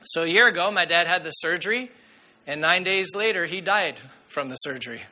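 A man preaching a sermon as pastor, earnest and emphatic, sometimes dropping to a hushed voice. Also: high-pitched, animated, fairly quick, faint music behind.

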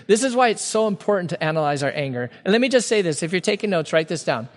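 High-voiced man preaching in a reverberant hall. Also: racing, few pauses. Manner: earnest, emphatic preaching with frequent restarts. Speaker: pastor. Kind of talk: sermon.

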